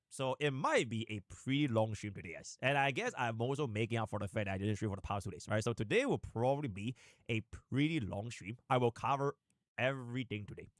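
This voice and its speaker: A male live streamer chats to his audience in an animated, rambling way. His pitch swings widely from line to line, and he breaks into sudden fast bursts. The sound is dry and close. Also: no echo. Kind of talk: casual live-stream chat.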